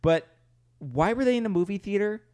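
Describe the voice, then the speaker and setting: A man's voice: high voice, animated, fairly quick, mellow, smooth. A man hosting a podcast, joking his way through a rambling casual movie recap. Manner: joking, rambling plot summary. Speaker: podcast host.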